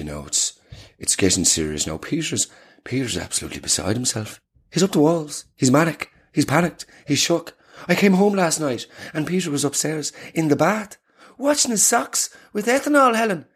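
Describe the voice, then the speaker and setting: A man's voice: fairly high pitch, breathy edge, full character voice. A man with an Irish accent voicing a fussing, melodramatic middle-aged mother who scolds her family.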